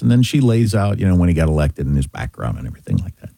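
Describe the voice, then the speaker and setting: A middle-aged man from Kansas, a talk-show host, telling a chatty, animated story in a casual way. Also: deep voice, racing, vocal fry, few pauses, no room sound. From Kansas, USA.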